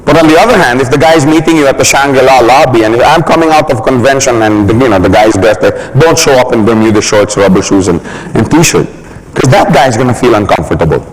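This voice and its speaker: A man giving a motivational business talk, laughing often and acting out quick examples in funny voices. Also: medium pitch, lively intonation, slight background noise, poor audio. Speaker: business trainer.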